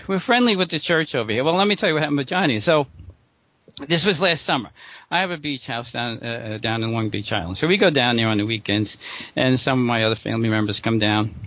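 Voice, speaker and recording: A man's voice: medium pitch, a bit bright, no room sound, highs cut off. A middle-aged man rambling through a true story in casual conversation, with lots of restarts and short laughs. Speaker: guest telling a true story.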